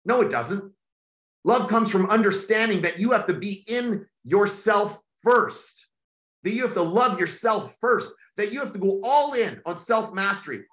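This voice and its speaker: Profane, hectoring man with a high voice. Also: a bit bright, echoey room. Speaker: podcast host. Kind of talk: intense motivational monologue.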